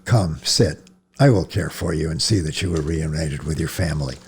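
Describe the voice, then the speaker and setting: A man reading a novel aloud, voicing a grieving male priest who swings from harsh commands to gentle coaxing. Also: a bass voice, normal speed, breathy edge, pitched below the performer's own voice, exaggerated voice. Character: male priest, grieving, stern then tender. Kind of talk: audiobook character voice.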